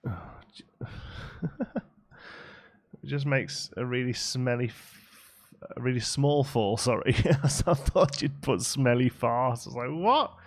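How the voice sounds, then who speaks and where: A man's voice: mid-range voice, a little slow. A man casually commenting while playing a building game on a live stream, reading and answering chat. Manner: chatty, reads out chat and answers it.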